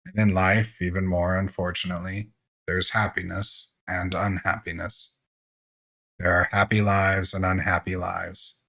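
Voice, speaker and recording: A man with a lowish voice reads a game's story text aloud. His delivery is slow and measured, like a gaming host narrating for viewers. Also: little pitch movement, vocal fry, sharp tone.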